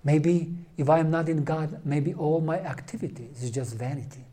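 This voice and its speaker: Earnest man with a mellow voice. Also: a little high. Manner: earnest, halting, with many fillers and restarts. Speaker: lay Catholic speaker. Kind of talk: informal religious talk.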